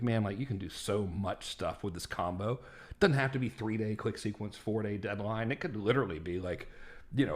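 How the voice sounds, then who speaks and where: A man's voice: mid-range voice, darkish tone. Chatty male marketing instructor. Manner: chatty, self-deprecating, lots of "right?" and "like". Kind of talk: casual screen-share walkthrough.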